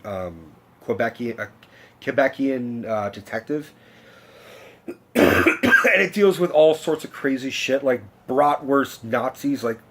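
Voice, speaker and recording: A man's voice: mid-range voice, a bit bright. A young man telling a rambling personal story to his vlog audience, swearing freely and cutting himself off. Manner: rambling, profane, self-interrupting. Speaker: vlogger.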